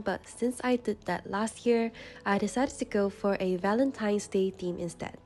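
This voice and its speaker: Congested young woman narrating calmly. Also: mid-range voice, normal speed. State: congested from a runny nose. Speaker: journaling channel host. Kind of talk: voice-over narration. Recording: soft music in the background.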